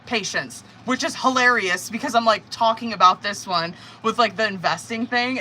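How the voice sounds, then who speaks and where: A woman's voice: on the high side, a little fast, few pauses. A woman doing a live tarot reading, chatting casually, swearing often and acting out her viewer's feelings. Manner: casual, swearing, animated, acts out the querent's thoughts. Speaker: tarot reader.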